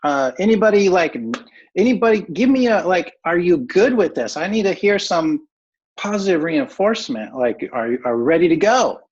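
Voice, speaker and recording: A man's voice: sits high, lively intonation, normal speed, slightly rough. A man coaching an online workshop in a casual, upbeat way, with many filler words, over a video call. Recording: muffled lo-fi video call audio.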